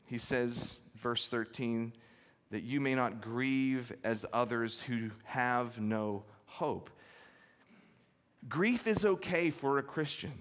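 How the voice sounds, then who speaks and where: A male pastor delivers an expository sermon in an earnest, emphatic way. He retells stories with feeling and repeats key phrases. His mid-range voice rings out with a long reverb, as in a church sanctuary. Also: medium pitch.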